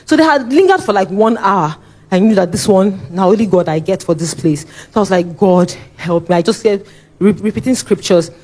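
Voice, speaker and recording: A young woman with a Nigerian accent delivers a spoken testimony before a church. She tells it in an animated way, her pitch leaping as she acts out her own cries and pleas. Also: brisk. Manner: animated, re-enacts her own shouting and pleading. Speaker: church member giving testimony.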